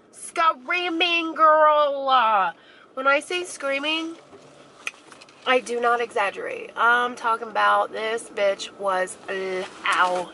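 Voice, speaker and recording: A woman vlogs casually on a handheld camera, chatting through her shopping trip. Her voice is bright and slightly high, and her storytelling is loud, profane and gossipy. A faint hiss of car and store noise sits behind her. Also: slow, low-quality recording. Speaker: vlogger. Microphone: handheld camera mic.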